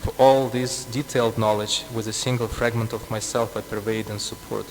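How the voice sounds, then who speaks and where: A man's voice: fairly low pitch, level tone, moderate pace. Guy teaching a scripture class in a temple hall, long reverb, lil background hum, laughs a lot. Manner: chuckles often, explains with asides. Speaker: preacher.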